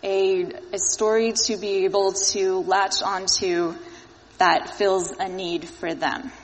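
A woman's voice: mid-range voice, little pitch movement, slow pace. A woman hosting a casual discussion, chatty and lightly teasing, explaining points as she goes. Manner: chatty, teasing, quotes others while explaining. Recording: reverberant room.

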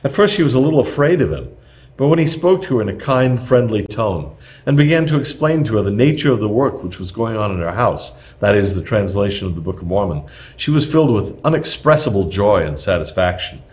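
A man with a somewhat low voice reads a prepared historical text aloud. His delivery is measured and steady, with the odd small stumble as he goes. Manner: measured, steady reading with occasional slips.

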